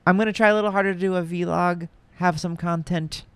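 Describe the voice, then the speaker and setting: A man hosting a podcast in casual chat, rambling with many pauses and restarts. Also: sits high, fairly even intonation, clean tone, no echo. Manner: rambling, lots of ums and restarts. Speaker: podcast host.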